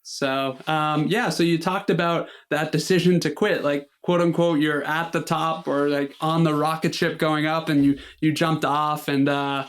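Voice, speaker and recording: A man's voice: on the high side, steady tone, a little slow, few pauses. A man hosting a podcast interview, asking long, rambling questions full of fillers. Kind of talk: casual interview.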